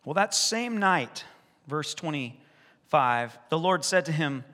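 A man preaching in a church sanctuary, his voice bright and sitting a little above the usual range for a man. He is animated and acts out the voices in his retellings. A long reverb from the large hall trails after his words. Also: a little high, takes it slowly. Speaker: pastor. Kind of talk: sermon.

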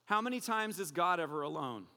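A pastor preaching a sermon in an animated, conversational way with playful asides. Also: male voice, high-pitched, brisk, in a large hall.

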